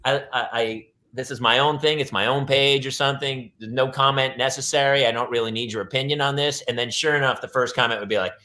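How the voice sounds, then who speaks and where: A man's voice: mid-range voice, steady tone, fast talker, hardly any pauses, bright, forceful tone. A man hosting a podcast in casual chat, talking emphatically and repeating lines for effect. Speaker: podcast host.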